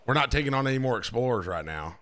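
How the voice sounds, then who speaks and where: A young man with a drawl, streaming a roleplay as a marshal. His pitch swings all over as he chats with viewers, and his tone stays bright and brash. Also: fast. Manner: animated, brash, chatty with viewers. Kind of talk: casual live-stream roleplay.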